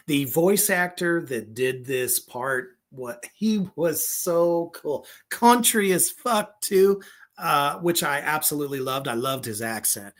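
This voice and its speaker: A man hosting a horror film review show, talking casually with profanity, lots of fillers and frequent laughs. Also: mid-range voice. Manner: profane, excitable, rambling with many fillers; laughs often.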